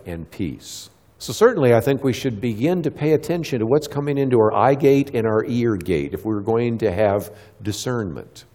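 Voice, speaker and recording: A middle-aged Christian speaker gives a church talk to a live audience, asking them questions and answering them himself. He also acts out quick little dialogues with kids. His voice is mid-range and mellow, heard in a large hall.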